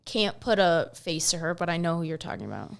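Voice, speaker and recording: A woman's voice: lowish voice, big pitch swings, a little fast, vocal fry, clear, resonant tone. A young woman chats as a podcast guest in an everyday voice. She agrees readily, chimes in often and swears casually. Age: young adult. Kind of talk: casual chat.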